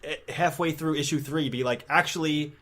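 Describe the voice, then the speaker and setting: A man's voice: medium pitch, a little fast, fairly bright tone. A man co-hosting a podcast, animatedly retelling a comic book plot and acting out quotes in a casual chat. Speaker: podcast co-host.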